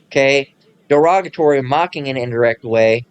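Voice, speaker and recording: A man hosting his own channel, ranting casually in a profane, rambling way and pausing to read passages aloud. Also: medium pitch, smooth, muffled recording. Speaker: channel host.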